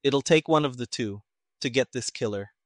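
A man voicing a wry army captain who speaks quietly and measured. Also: mid-range voice, dry recording, studio quality, lightly acted.

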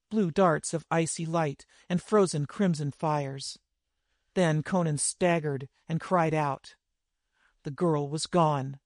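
A man narrating a dramatic fantasy story in a vivid, measured reading. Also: a little high, dry recording, clean studio sound. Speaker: audiobook narrator.

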